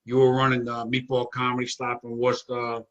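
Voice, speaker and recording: A man's voice: medium pitch, monotone, brisk, dull audio. A man in his sixties with an Italian-American accent, hosting a comedy chat on a video call and reminiscing in a rambling way. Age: 60s. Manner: reminiscing, rambling and warm-hearted. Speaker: comedy show host.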